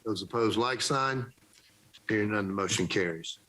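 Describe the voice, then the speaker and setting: Brisk man chairing a council meeting. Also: on the low side, a bit bright, rough recording. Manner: brisk, procedural. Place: city council chamber.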